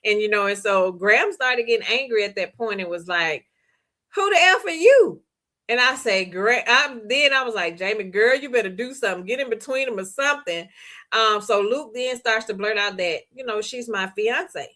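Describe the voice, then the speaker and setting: A woman, hosting a book club discussion. She talks in a chatty, animated way, laughs often and reads viewer comments aloud. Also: mid-range voice, normal speed. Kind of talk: casual book discussion recap.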